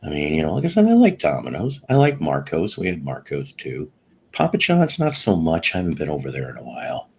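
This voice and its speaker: A man's voice: very deep voice, wildly swooping pitch, a little fast, creaky, darkish tone, a little hiss or hum. A man hosting a live stream, chatting loosely and greeting viewers by name in a meandering, chuckling way. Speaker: podcast host. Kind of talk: rambling live-stream chat.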